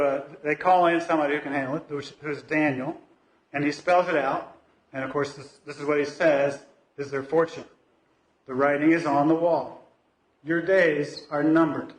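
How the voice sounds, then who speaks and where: A man delivers a loose, conversational talk in a church, thinking aloud and often restarting his sentences. His voice sits a little high. The room's echo hangs around every word. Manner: conversational, hesitant, many fillers and restarts. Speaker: lay speaker at a church service. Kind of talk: informal talk from the pulpit. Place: church sanctuary. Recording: echoey church hall.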